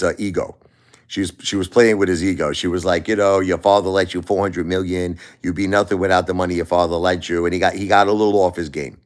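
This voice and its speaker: Blunt New man ranting. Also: sits low. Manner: blunt, emphatic, repeats himself. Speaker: livestream host. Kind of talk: casual opinion talk.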